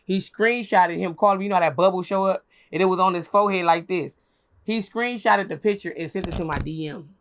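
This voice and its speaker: A young woman telling a story as an interview guest, animated and profane, acting out what others said in a high voice. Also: brisk, slight background noise. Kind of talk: casual storytelling.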